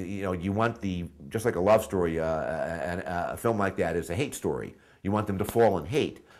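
Male screenwriter, very low voice, anecdotal, halting with uhs and ums. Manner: rambling anecdotal storyteller with many fillers. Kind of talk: documentary interview.

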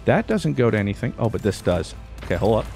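Man, gaming commentary, excitable, very lively pitch, faint music underneath. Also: quick pace, creaky. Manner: excitable, yelps and exclaims, talks to himself. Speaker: gaming YouTuber. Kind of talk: casual gameplay commentary.

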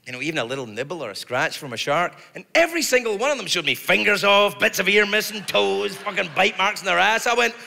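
A middle-aged man with a Scottish accent telling a stand-up story in an animated way, sometimes jumping into shrieking high voices. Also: fast talker, vocal fry, hardly any pauses. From Scotland. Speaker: stand-up comedian. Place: large theater stage. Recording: reverberant hall with loud audience noise.

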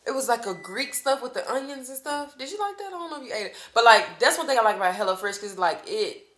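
Playful, animated woman vlogger. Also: fairly high pitch, fast, a little hiss or hum. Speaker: mukbang host and mother. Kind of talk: casual chat to camera while eating. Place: home, eating at a table with her child. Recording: echoey room.

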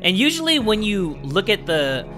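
A young man giving gameplay commentary, reading game text aloud and breaking into loud swearing outbursts. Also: high-pitched, big pitch swings, moderate pace, music in the background. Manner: reads game text aloud in a mock-dramatic tone. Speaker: gaming YouTuber.

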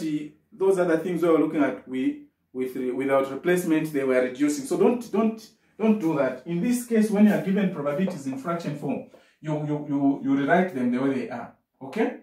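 A man teaching a maths class, his voice sitting a little high for a man. He explains patiently, restarting sentences and repeating key phrases. The room around him rings with echo. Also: a little mellow.

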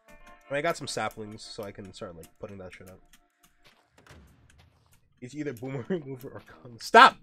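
A man's voice: mid-range voice, a bit bright. A young man streaming a game, chatting casually in a joking, profane way with frequent laughs. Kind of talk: casual gameplay chat.

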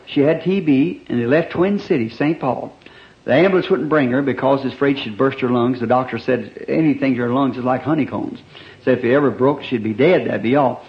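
On a muffled 1960s church recording, a medium-pitched man delivers an old-time revival sermon. He tells his stories animatedly, alternating loud, emphatic moments with quiet asides.

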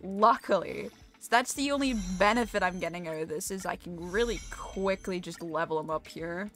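A woman's voice: lowish voice, normal speed, fairly bright tone, soft background music. A young woman streaming a game, chatting casually, swearing freely and poking fun at herself. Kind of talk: casual live-stream gaming chat.

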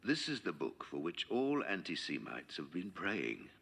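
A man's voice: sits low, wildly swooping pitch, measured pace, vocal fry, a bit bright, husky. A man reading out a quotation in a grave, denouncing tone.

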